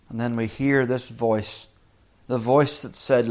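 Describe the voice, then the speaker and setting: A man's voice: medium pitch, fairly even intonation, darkish tone. Earnest male preacher giving a sermon. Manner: earnest, slows and rises on scripture quotes.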